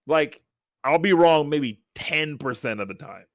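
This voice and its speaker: This man co-hosts a casual podcast and tells stories with energy, acting out everyone's lines as he goes. His voice sits a little high and swings widely in pitch. The sound is dry and close, with no room echo. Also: unhurried. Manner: animated storyteller who acts out quoted lines. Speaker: podcast co-host. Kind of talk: casual chat.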